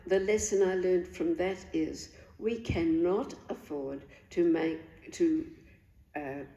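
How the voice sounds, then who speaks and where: An older woman telling a personal faith story in an earnest, halting way, with pauses and restarts. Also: lowish voice, dark tone. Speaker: guest sharing a faith testimony. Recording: echoey room.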